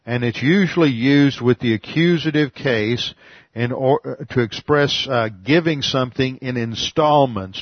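A man's voice: mid-range voice, no room sound, dull audio. A man giving a verse-by-verse Bible teaching, methodically explaining Greek words one at a time.

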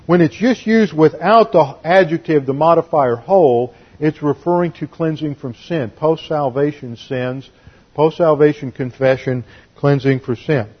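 Man, slightly high husky voice, emphatic Bible teacher, dull lo-fi sound. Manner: emphatic, explains Greek and Hebrew words. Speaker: preacher.

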